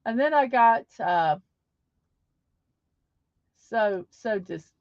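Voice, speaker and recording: A woman's voice: a little high, expressive, drawn-out words, darkish tone, no room sound. A woman hosting a casual livestream, chatting upbeat and reading viewer comments aloud. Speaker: livestream host. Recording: dull lo-fi sound.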